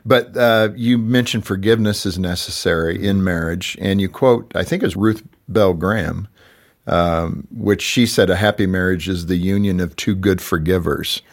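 Deep gravelly male interviewer. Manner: measured, reads quotes, short affirmations. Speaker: interview host. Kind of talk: interview questions.

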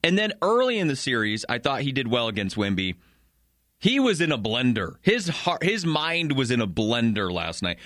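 A man co-hosting a casual sports talk show, animated and acting out players' reactions. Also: medium pitch, normal speed, no echo, studio quality.

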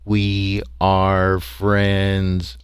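A man doing a booming, droning alien barrel creature. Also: monotone, smooth, no room sound, clean studio sound. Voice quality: booming, drawn-out drone.

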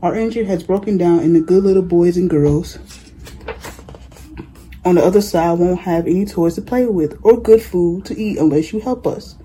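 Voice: medium pitch, normal speed, warm tone, a little hiss or hum, lightly acted, rough recording. A reader voicing a group of dolls and toys in a storybook, begging for help. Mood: pleading. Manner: pleading. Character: chorus of pleading dolls and toys.

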